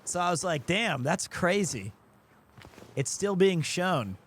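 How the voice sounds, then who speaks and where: A man's voice: high voice, big pitch swings, takes it slowly. A man streaming a game, chatting casually and joking with his viewers, often breaking into laughter. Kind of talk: casual live-stream gameplay commentary. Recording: noticeable background noise.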